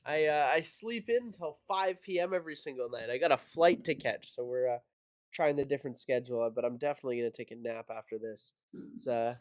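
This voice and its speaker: A man casting an esports match with energetic, joking play-by-play commentary. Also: fairly high pitch, normal speed, no room sound. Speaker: esports caster.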